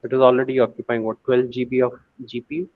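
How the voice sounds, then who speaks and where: A man's voice: medium pitch, little pitch movement, fast, no echo, phone-quality sound. A man teaching a screen-share coding lesson, thinking aloud with many fillers and restarts. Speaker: AI course instructor.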